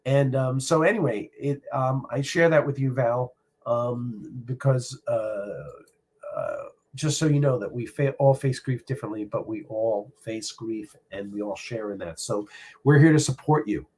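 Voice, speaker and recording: A middle-aged man with a slightly husky voice hosts a live stream from his home. He speaks in a casual, personal, reflective way, pausing often with ums and restarts. His pitch sits in an ordinary middle range. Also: animated, darkish tone. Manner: reflective, personal, halting with many fillers. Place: home room.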